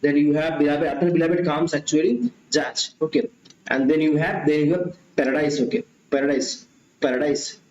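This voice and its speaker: A man's voice: fairly high pitch, fairly even intonation, normal speed, a little mellow. A man teaching a mock exam lesson, mixing in Hindi, saying "okay" often and correcting himself. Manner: mixes Hindi into English, frequent "okay" and self-corrections. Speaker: exam prep tutor. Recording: echoey room, dull lo-fi sound, faint hiss.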